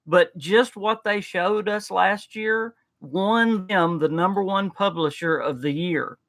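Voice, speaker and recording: A man chats casually on a live reaction stream, eager and rambling, often restarting his sentences. His voice sits a little high and has a gravelly, fry-laden edge. The sound is dry and close, with no room echo at all. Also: slow pace, fairly bright tone. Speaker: livestream co-host.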